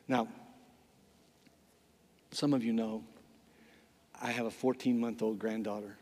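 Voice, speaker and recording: An older man preaching a sermon as pastor, emphatic, repeating words and swinging from loud passages to quiet ones. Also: fairly low pitch, steady tone, unhurried, long pauses. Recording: long reverb of a large hall.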